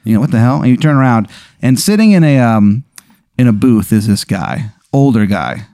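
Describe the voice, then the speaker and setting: A man telling an improvised hypothetical story in casual chat, halting and full of fillers, slipping into voices for the characters. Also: mid-range voice, lively intonation, dark tone, dry recording, clean studio sound.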